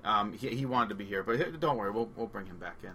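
A man with a Long Island accent, co-hosting a casual movie podcast, excitable and rambling, laughing often. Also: on the low side, fast, a little hiss or hum. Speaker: podcast co-host.

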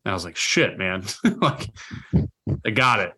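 A middle-aged man co-hosting a podcast, telling animated stories in casual chat and swearing freely. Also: fairly low pitch, normal speed, a little hiss or hum. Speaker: podcast co-host.

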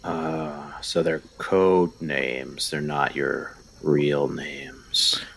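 A man's voice: a bass voice, steady tone, extremely slow, gravelly, fairly bright tone, husky. A man playing in a tabletop game, speaking hesitantly with many fillers. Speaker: player.

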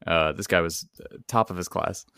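A man's voice: deep voice, normal speed, sharp tone, clean tone, dry recording, clean studio sound. A man co-hosting a podcast, chatting in a laid-back, self-mocking way. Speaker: podcast co-host. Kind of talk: casual chat.

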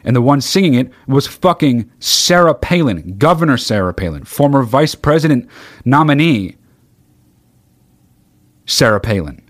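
A man's voice: mid-range voice, animated, unhurried, pauses often, dry recording, studio quality. A man hosting a podcast in a rambling, sarcastic comedic monologue, swearing constantly. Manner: sings mock-solemn snatches of songs. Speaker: podcast host.

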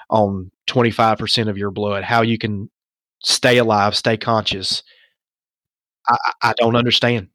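A man's voice: fairly low pitch, dry recording. Man telling a story, dry close mic. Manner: animated storyteller with rhetorical asides. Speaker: guest. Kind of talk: storytelling in a podcast interview.

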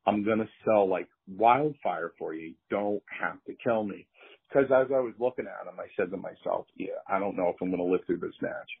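A man's voice: low voice, breathy edge. An older man, a retired wrestler, telling casual anecdotes and acting out the voices of the people in them. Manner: animated anecdotes, acts out quoted voices. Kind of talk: casual storytelling. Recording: tinny phone-like line.

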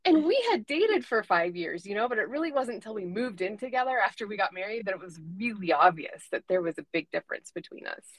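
A woman's voice: mid-range voice, sing-song, quick pace, hardly any pauses, dry recording, rough recording. Earnest woman telling her story. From United States. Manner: earnest, frequent ums and self-corrections. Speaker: podcast guest, life coach for moms. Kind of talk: candid personal storytelling.

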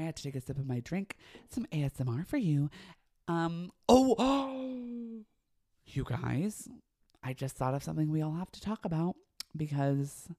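A young man hosts his own solo podcast, chatting casually in a campy, dramatic, gossipy style and swearing freely. His voice is on the high side and a little mellow.

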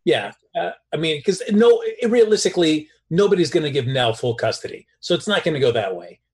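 A man's voice: on the high side, lively intonation, a little fast, a little mellow, slightly rough. A man co-hosting a soap recap show, wry and exasperated in casual chat.

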